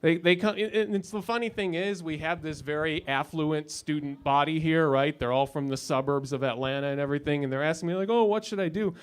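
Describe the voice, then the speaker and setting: A man's voice: on the high side, steady tone, fairly quick, hardly any pauses, clean tone. A man in his thirties doing a stand-up comedy set in a club lounge, with a dry, sardonic delivery and punchlines that build up. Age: 30s.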